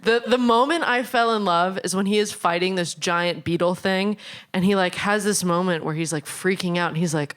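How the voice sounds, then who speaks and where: A woman's voice: medium pitch, normal speed. A young woman co-hosting a live podcast panel on stage, chatting in a bubbly way and laughing often. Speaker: podcast co-host. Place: live studio stage with audience.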